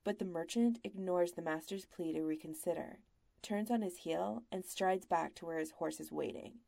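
Female audiobook reader, low-key and measured, gravelly texture, dry close mic. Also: mellow, dry recording. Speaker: narrator. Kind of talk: audiobook narration.

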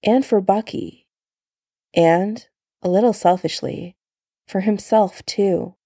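A woman narrating fan fiction aloud in a calm, even manner. Her voice is gravelly and mellow. The recording is dry and close. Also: mid-range voice, slow pace, dry recording. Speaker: story narrator.

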